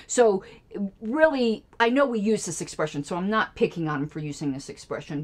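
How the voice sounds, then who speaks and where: A woman hosting a radio show, giving sarcastic, indignant political commentary on clips she plays. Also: fairly low pitch. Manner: sarcastic and indignant, jokey asides.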